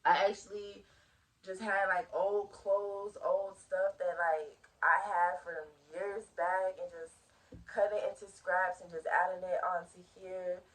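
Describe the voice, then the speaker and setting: A woman's voice: on the low side, flat delivery, slow pace, fairly bright tone. A bubbly young woman chats casually to her viewers, rambling and piling on fillers as she shows off her homemade clothes. Her throat sounds a little scratchy. She is set back from the phone mic, so her voice comes across slightly distant. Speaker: fashion vlogger. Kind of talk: casual DIY fashion vlog.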